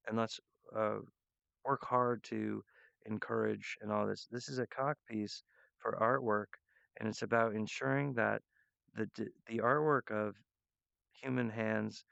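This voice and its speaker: A man rambling earnestly and emotionally to his viewers, halting often with restarts and fillers. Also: on the low side, vocal fry, a bit bright, clean tone, no echo, highs cut off. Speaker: artist addressing viewers. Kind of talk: rambling direct-to-camera monologue.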